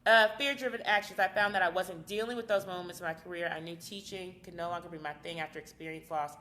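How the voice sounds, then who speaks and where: A woman's voice: lowish voice, fairly even intonation, quick pace, sharp tone, a little hiss or hum. Chatty woman psychologist in an echoey room. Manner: chatty and candid, slangy, laughs often. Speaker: psychologist host. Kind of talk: casual live-stream talk to viewers.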